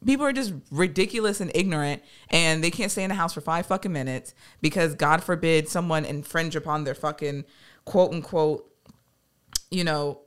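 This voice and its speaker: A podcast co-host in casual chat, talking in a rambling, animated way with lots of fillers and frequent swearing, and whose family lives abroad. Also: mid-range voice, normal speed, clean tone.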